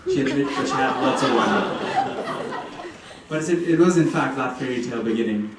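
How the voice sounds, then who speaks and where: A man's voice: mid-range voice, normal speed. Young guy doing a jokey wedding speech, lots of teasing, far-off mic, echoey and noisy. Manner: playful, teasing storytelling. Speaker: wedding ceremony speaker. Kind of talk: humorous wedding story speech. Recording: echoey distant venue sound with ambient noise.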